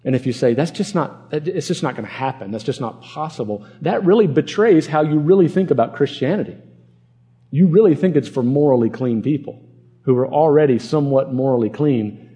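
Mellow earnest preacher man. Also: medium pitch. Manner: earnest, emphatic, repeats words for stress. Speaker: pastor. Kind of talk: expository sermon.

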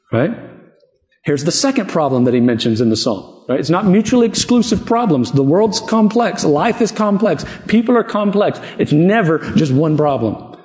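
A man's voice: sits high, animated, measured pace, a little mellow. A man preaching a sermon in an earnest, conversational way, often asking rhetorical questions. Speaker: pastor. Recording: echoey hall with long reverb.

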